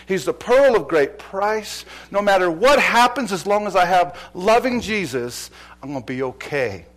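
A male pastor preaching a sermon with passion, swinging between loud exclamations and quiet, low drops. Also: animated, normal speed.

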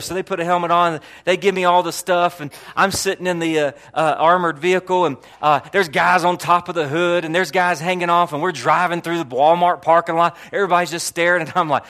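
A man preaching a sermon as pastor, telling a story with many restarts and fillers, his voice dropping low and then rising to loud bursts. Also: a little fast. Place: church hall.

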